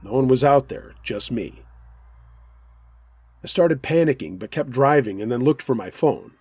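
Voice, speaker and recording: A man's voice: medium pitch, lively intonation, a little slow, a little mellow, husky, no echo. A man hosting a scary story show, reading a listener's first-person account with earnest, dramatic storytelling.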